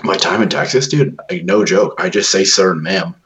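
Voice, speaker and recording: A man's voice: low voice, lively intonation, normal speed, a bit bright, highs cut off. A man in casual chat, telling army stories with lots of swearing and laughter. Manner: profane, laughing, military-style banter.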